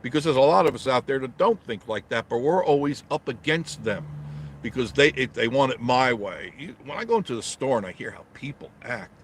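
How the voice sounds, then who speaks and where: A man's voice: medium pitch, lively intonation, fairly quick. A middle-aged man from New York, chatting live from inside his car in traffic, answering viewer comments in a blunt, joking way. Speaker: travel vlogger reading live chat. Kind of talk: casual live-stream chat from a parked car.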